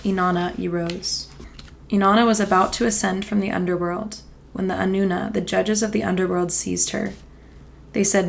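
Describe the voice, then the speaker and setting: A woman podcast host reading an ancient myth aloud in steady, measured storytelling. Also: mid-range voice, gravelly.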